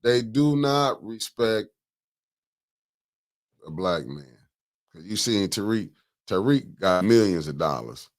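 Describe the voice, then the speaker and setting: A man hosting a casual political talk show, talking in an animated, emphatic way, repeating words and cutting in. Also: on the low side. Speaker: host.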